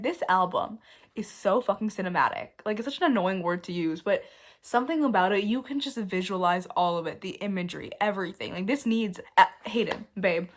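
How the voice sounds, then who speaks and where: A young woman hosting a casual vlog, chatty and playful, often mocking herself and jumping between loud and soft. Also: mid-range voice. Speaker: video host.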